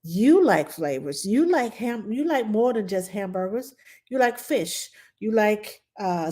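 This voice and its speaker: A middle-aged woman hosts a live question-and-answer stream as a nanny. Her voice is warm and relaxed, her pitch sits in the middle, and she talks in a loose, chatty way, reading viewer questions aloud as she goes. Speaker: nanny giving parenting advice.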